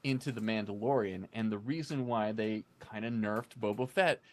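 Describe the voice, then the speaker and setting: A man's voice: lowish voice, normal speed, a little mellow. A man hosting a casual fan discussion podcast, chatty and explaining things at length with frequent restarts.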